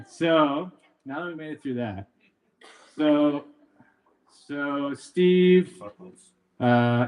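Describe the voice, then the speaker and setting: A young man from Canada stands up at a memorial gathering and tells stories about his father. His voice sits in an ordinary middle pitch, and his delivery is playful and joking while staying openly emotional. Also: darkish tone. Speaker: son giving a eulogy. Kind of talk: memorial speech with storytelling.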